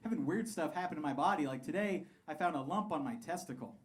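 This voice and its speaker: A man in his thirties doing a crude, animated stand-up set on a comedy club stage, laughing through his punchlines. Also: fairly high pitch, fast talker. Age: 30s. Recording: live club recording, crowd and room noise.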